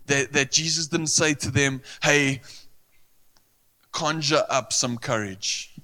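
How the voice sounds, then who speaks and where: A man's voice: on the high side, slow, bright, forceful tone. A man preaching a sermon, earnest and emphatic, often repeating phrases for weight. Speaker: pastor.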